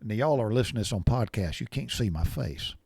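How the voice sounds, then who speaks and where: A man's voice: lowish voice, lively intonation, quick pace, vocal fry, a little mellow, husky, no echo. A middle-aged man, hosting a podcast and telling rambling stories in a folksy, blunt way with salty language. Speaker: podcast host. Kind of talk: rambling storytelling monologue.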